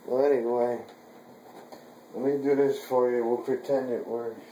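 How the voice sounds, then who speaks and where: Slow-talking young man with a mellow voice. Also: medium pitch, level tone, echoey room, slight background noise, poor audio. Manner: frustrated, swearing at gear. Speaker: vlogger. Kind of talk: casual home vlog.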